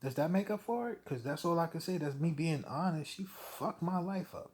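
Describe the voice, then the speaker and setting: A man's voice: fairly high pitch, lively intonation, normal speed, a little mellow. A man venting in a heated, profane rant to camera, blunt and full of swearing. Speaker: vlogger.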